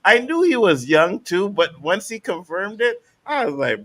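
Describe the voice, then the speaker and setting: A man co-hosting a podcast, casually telling animated stories and acting out the people he quotes. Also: high-pitched, measured pace, no echo. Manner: animated storytelling, acts out quotes. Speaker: podcast co-host. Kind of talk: casual chat.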